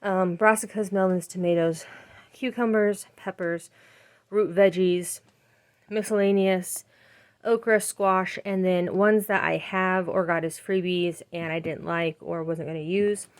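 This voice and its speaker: A woman's voice: lowish voice, steady tone, a little slow. Chatty woman vlogging about her seeds. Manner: chatty, rambling, frequent ums. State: out of breath. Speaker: gardening vlogger. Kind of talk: casual home vlog.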